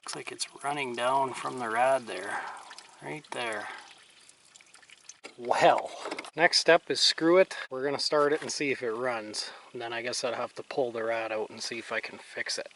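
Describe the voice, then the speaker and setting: Man, casual vlog narration, mid-pitched, chatty, self-deprecating, faint engine noise behind. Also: fairly even intonation, normal speed, fairly bright tone, poor audio. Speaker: vlogger working on an old car. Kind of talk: casual narration while working.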